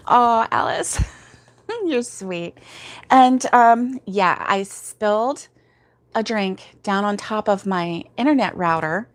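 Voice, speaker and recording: Her voice sits in the mid-range and moves slowly, recorded with no room sound. At home on a laid-back crochet stream, she yawns sleepily, laughs a lot, and rambles through viewers' comments, filling gaps with ums and the like.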